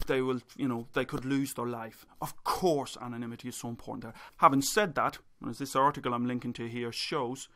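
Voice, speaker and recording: A man's voice: mid-range voice, a bit bright. Sarcastic ranting male academic. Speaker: academic video presenter. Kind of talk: spoken video essay.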